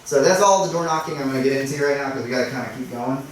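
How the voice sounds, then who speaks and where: Speaking very fast in a mid-range voice, a man offers realtor tips to a small workshop crowd in a meeting room. His manner is chatty and self-mocking as he performs doorstep scenes and keeps tossing in "right?". The recording is echoey and faintly noisy, with him far from the microphone.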